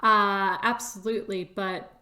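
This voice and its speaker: A woman's voice: mid-range voice, flat delivery, measured pace, sharp tone, slight background noise. A woman narrating a tabletop game as game master, with many hesitant fillers.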